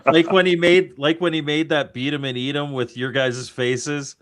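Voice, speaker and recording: A man joining a casual livestream chat, quick with teasing jokes and punchlines. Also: on the high side, fairly even intonation, fairly bright tone, clean tone.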